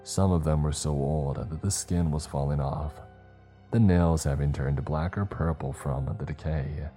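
A man narrating a scary story in a slow, measured, grave delivery. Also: a bass voice, fairly even intonation, dark tone, faint music behind. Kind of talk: scripted horror story narration.

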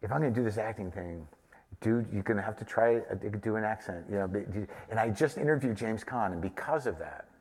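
A man's voice: fairly low pitch, a little fast, darkish tone, slightly rough. A man from New Mexico, a guest at a live podcast taping, telling a long, rambling, profane story. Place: live stage taping before an audience. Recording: long hall reverb.

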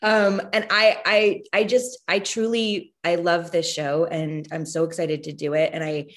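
A fairly low-voiced woman chatting as a podcast guest. She speaks earnestly and gushes, trips over her words, and laughs often. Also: flat delivery. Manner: gushing, earnest, laughs often, halting restarts. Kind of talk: casual interview chat.

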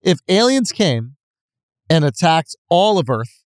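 Lively high-voiced man bantering. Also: slow, smooth, no echo, clean studio sound. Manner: animated, playful, doing voices. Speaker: podcast co-host. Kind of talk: casual chat.

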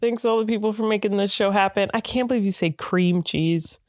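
A woman's voice: medium pitch, brisk, darkish tone, dry recording, studio quality. A woman co-hosting a podcast from home, teasing and giggling through casual banter. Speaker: podcast co-host. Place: home studio. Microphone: large podcast microphone.

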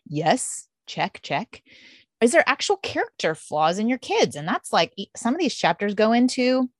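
A woman's voice: on the high side, no echo, clean studio sound. A middle-aged woman speaking as a guest in a candid interview, telling stories and acting out her own past thoughts. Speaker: podcast host appearing as guest.

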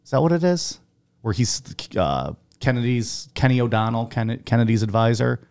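A man's voice: mid-range voice, lively intonation, normal speed, darkish tone, clear, resonant tone. A man co-hosting a podcast, chatting casually with jokes and rambling asides. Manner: joking, rambling, full of fillers and restarts. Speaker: podcast co-host. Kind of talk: casual banter.

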